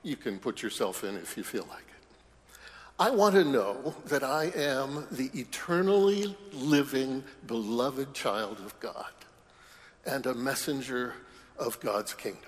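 Priest giving a homily, unhurried and mid-pitched, dry humor, long reverb of a church hall. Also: male voice, animated. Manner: conversational, wry humorous asides. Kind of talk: sermon.

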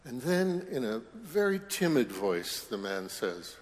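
A man's voice: medium pitch, very animated, unhurried, darkish tone. A man preaching a sermon as a priest in a church, conversational with wry humorous asides. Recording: long church reverb.

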